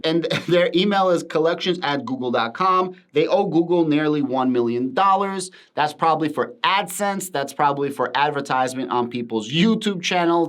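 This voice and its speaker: A man with a somewhat high-pitched voice talks straight to his viewers in a casual commentary style. He leans hard on key words, often repeating them for emphasis, and sounds like he is reading out documents and explaining them as he goes. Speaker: crypto finance YouTuber.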